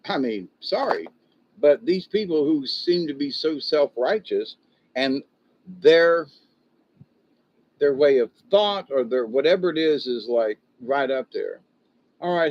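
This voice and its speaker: Older male livestream host venting in a rambling, frustrated way, caught on dull, low-fidelity audio. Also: expressive, measured pace. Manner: frustrated, rambling, self-interrupting. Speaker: livestream host reading viewer comments.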